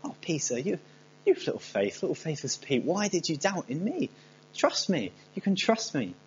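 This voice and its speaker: A preacher voicing a gentle, soft-spoken Jesus. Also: male voice, fairly high pitch, big pitch swings, normal speed, pitched above the performer's own voice. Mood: tender. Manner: soft, tender, reassuring. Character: Jesus as a gentle, reassuring man. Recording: slightly dull recording with faint hum.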